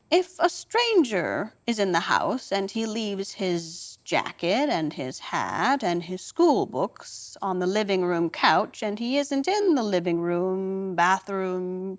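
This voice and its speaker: An older woman performing a wry, dramatic storytelling monologue on a theatre stage. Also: medium pitch.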